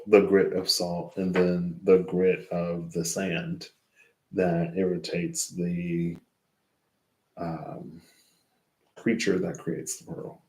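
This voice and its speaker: Very deep, slow male tarot reader, drowsy and rambling, in an echoey room. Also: darkish tone. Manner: rambling, thinks aloud and loses track mid-sentence. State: sleepy, yawning. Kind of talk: casual tarot reading, reading guidebook aloud.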